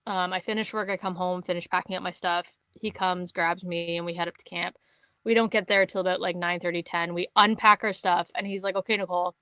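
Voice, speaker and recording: Lively storytelling woman, dry close mic. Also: mid-range voice, clean tone, dry recording. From Canada. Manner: animated storyteller, acts out quotes, laughs often. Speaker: podcast co-host. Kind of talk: casual chat.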